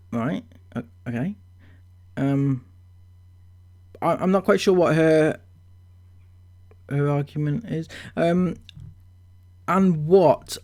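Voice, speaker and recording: A woman's voice: low voice, slow pace, pauses often, mellow. A woman reacting to a clip at home, exasperated, swearing and breaking into laughter as she comments. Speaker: online commentator.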